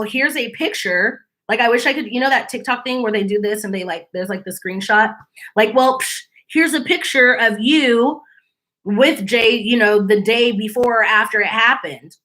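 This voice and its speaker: Bright animated woman host. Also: a little high. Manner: chatty, animated, mimics people in quotes. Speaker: commentary channel host. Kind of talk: casual commentary.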